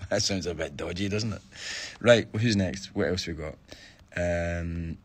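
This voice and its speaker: A man's voice: deep voice, slow pace, husky. A Scottish man, a stage actor, chatting casually on a phone live stream and answering fan questions, thinking aloud with restarts.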